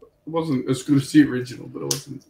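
A man co-hosting a casual livestream chat, relaxed, agreeable and rambling. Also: mid-range voice, quick pace, creaky, a crowd in the background. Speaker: livestream co-host. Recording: echoey room with faint noise.

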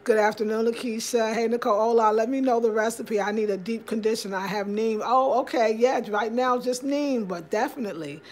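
Woman hosting a relaxed home livestream, chatty and upbeat, reading out viewer comments. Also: fairly high pitch, fairly quick, few pauses. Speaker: livestream host.

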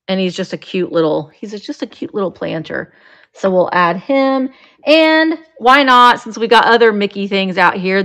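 A woman's voice: medium pitch, muffled recording. A woman chatting as she runs a live sale of vintage items, describing each piece as she shows it. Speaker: live auction seller.

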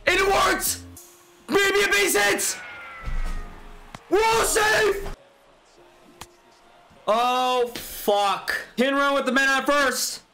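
A young man commentating his own baseball video game, excitable, swearing and yelling at the players. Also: very high-pitched, slow pace, creaky, faint music behind. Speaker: gaming YouTuber. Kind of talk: live gameplay commentary.

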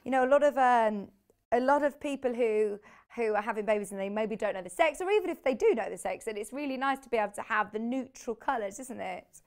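A woman talks viewers through products on a live shopping channel from a TV studio. She is chatty and bubbly and laughs easily. Her voice sits a little high. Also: fast, darkish tone.

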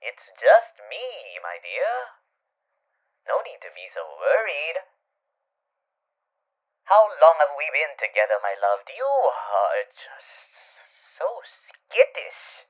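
A man plays a playful male vampire demon husband in a whispered role-play, drawling very slowly with a wildly swooping pitch. He teases, dropping to hushed whispers and then bursting out loud. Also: huge pitch swings, exaggerated voice. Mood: teasing. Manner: playful, teasing, flips between whispers and loud exclaims. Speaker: voice actor.

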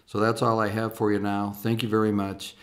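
A man's voice: on the low side, flat delivery, a little fast. An older man, a singer-songwriter, talking casually to online viewers in a folksy, rambling way, with lots of "uh" and restarts.

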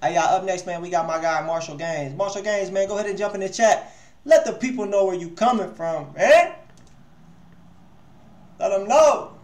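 Hosting a live music review stream from an echoey room, this man speaks a little fast in a high, slightly mellow voice, keeping things casual with slang and plenty of swearing.

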